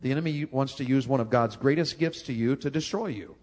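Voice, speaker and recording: A man's voice: brisk, darkish tone. A male pastor, preaching a folksy sermon full of repeated words. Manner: folksy, repeats words, rises high for emphasis.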